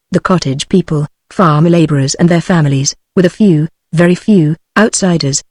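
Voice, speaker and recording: A text-to-speech woman's voice with a British English accent, reading a novel aloud in a steady, even audiobook style. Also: fairly low pitch, no echo. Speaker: audiobook narrator. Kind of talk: synthetic audiobook narration.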